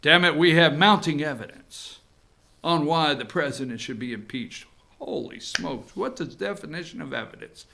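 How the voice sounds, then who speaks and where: A man's voice: fairly high pitch, lively intonation, normal speed, gravelly, sharp tone. A male talk show host giving a sarcastic opinion monologue on the news, speaking straight to his viewers. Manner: sarcastic, talks to viewers directly.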